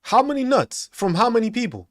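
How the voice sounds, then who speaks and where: Male podcast host, mocking and crude, high voice that swings a lot. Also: sing-song, fairly quick. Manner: mocking, profane, laughing between taunts. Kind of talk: ranting commentary reacting to comments.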